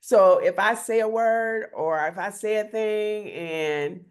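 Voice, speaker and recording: A woman's voice: mid-range voice, slow pace, clear, resonant tone. A woman hosting a talk show, reflective and inquisitive, musing aloud in casual chat.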